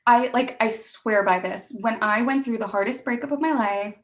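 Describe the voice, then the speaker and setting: A young woman guest in a casual chat, self-deprecating and quick to laugh, dramatic when telling stories. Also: a little high.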